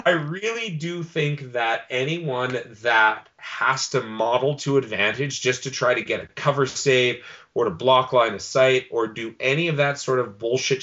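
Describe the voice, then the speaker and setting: A man's voice: mid-range voice, fairly bright tone, lo-fi sound. A man co-hosting a podcast in casual chat, ranting with lots of swearing and "um"s. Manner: ranting, profane, many fillers. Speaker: podcast co-host.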